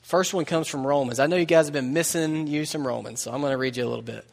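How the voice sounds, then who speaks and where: Joking pastor preaching in a hall. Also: male voice, on the high side, quick pace, vocal fry. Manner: conversational preaching with asides and humor. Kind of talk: sermon. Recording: long reverb of a large hall.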